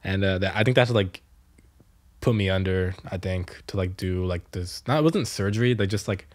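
A man's voice: low-pitched, moderate pace, darkish tone, no echo. A young man co-hosting a podcast, telling rambling stories in casual chat with lots of fillers and laughter. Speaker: podcast co-host.

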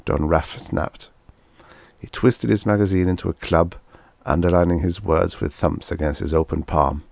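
A man narrating a vintage science fiction story in a steady, even storytelling manner. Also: deep voice, normal speed, vocal fry, no echo. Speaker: audiobook narrator. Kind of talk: scripted narration.

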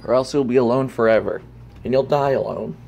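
A man's voice: brisk, creaky, muffled recording. A man holding a phone camera and delivering a rambling vlog rant. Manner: rambling, jumps into loud squeaky quoted voices. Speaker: vlogger. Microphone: handheld phone camera.

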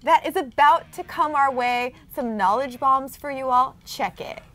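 A woman's voice: high-pitched, unhurried, fairly bright tone, soft background music. A woman hosting an entertainment chat show, gushing and enthusiastic.

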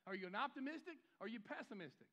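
A pastor delivering a sermon in a church, his voice bright and forceful. He preaches with emphasis, rising to loud exhortation and dropping low. He often stumbles and repeats words as he goes. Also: expressive, very fast, lo-fi sound. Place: church sanctuary.

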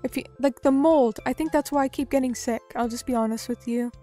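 Young woman streamer, high voice, joking around with chat, faint music behind. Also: steady tone, brisk, mellow. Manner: playful, reads chat aloud, self-mocking. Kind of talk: casual live-stream chat.

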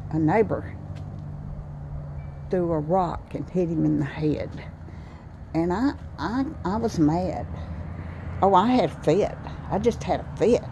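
Lady chatting outside on her patio, real slow n soft-toned, kinda low voice. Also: background noise. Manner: slow, homey Southern talk, says "y'all". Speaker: vlogger. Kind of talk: casual vlog chat. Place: outdoors by a cottage patio.

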